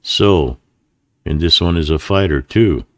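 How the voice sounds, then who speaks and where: Proud western drifter, short clipped answers, deep dry voice, as a man plays him. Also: unhurried, a bit bright, no room sound. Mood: curt. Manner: curt and clipped. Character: proud, terse young Kentucky horseman.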